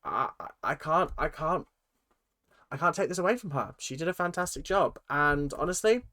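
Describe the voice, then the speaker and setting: A young man with an excitable, gushing, chatty manner, giving casual reaction commentary as a video host. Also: fairly high pitch, normal speed.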